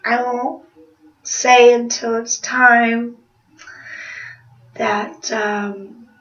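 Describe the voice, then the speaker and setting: A woman's voice: a little high, flat delivery, extremely slow, a bit bright. A woman vlogger telling a rambling confessional story in a chatty way, laughing at herself. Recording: roomy, distant, slightly dull sound.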